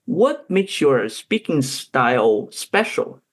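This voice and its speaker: A man's voice: on the high side, very animated, takes it slowly. A man hosting a podcast, asking his guest questions in a plain, friendly way. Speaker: podcast host. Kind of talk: interview questions.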